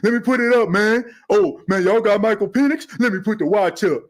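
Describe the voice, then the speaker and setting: Animated high-voiced sports podcast host. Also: male voice, brisk. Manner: animated, slangy, reads chat comments aloud. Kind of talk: casual sports commentary.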